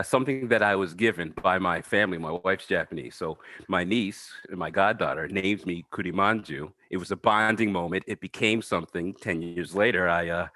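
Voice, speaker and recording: A man's voice: sits low, bright, forceful tone, no echo. A man co-hosting a casual podcast, playful and goofy, laughing often. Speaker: podcast co-host. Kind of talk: casual chat.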